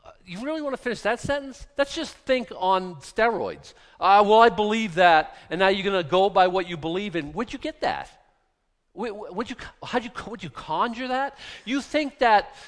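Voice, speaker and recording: A pastor preaches an emphatic, sarcastic sermon, firing rhetorical questions at his congregation. His male voice sits high and sounds a bit bright.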